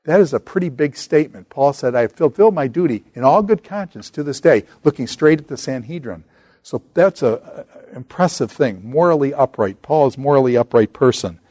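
A middle-aged man giving an informal Bible lecture, talking conversationally and slowing down to read scripture aloud. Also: mid-range voice, lively intonation, darkish tone, dry recording. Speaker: Bible teacher.

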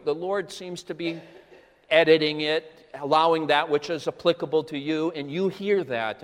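Man preaching in an echoing church. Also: on the high side. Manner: conversational, animated storytelling with asides. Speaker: pastor. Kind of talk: sermon. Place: church sanctuary. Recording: long reverb of a church hall.

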